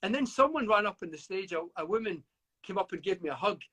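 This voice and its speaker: A man's voice: sits high, lively intonation, fast talker, bright, forceful tone, breathy edge. A middle-aged man from the UK, a guest author reflecting at length in an interview, often stammering and restarting. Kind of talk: interview over a live video call.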